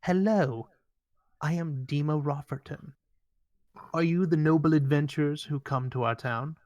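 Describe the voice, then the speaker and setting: A man voicing an elderly female gnome healer in a tabletop game, high and genteel. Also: measured pace, a little mellow, no room sound, highs cut off. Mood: prim. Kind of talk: tabletop role-play character voice.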